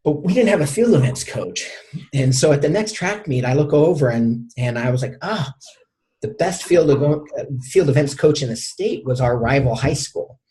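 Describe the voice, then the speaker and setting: A man's voice: mid-range voice, lively intonation, moderate pace, warm tone. A middle-aged man, a coach, telling a personal story as a guest in an interview, often stumbling and repeating his words.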